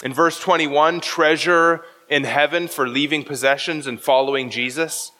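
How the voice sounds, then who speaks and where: A male pastor with a fairly high, bright voice delivers an expository sermon. He works through a text verse by verse and explains the Greek wording. His voice carries a long reverb, as in a large church hall. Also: steady tone, normal speed.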